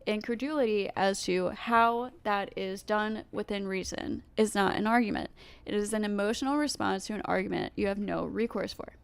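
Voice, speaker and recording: A woman with a stuffy nose reading viewer comments aloud and giving her own measured replies, with fillers and pauses. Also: mid-range voice, creaky, clear, resonant tone, dry recording. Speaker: commentary video host.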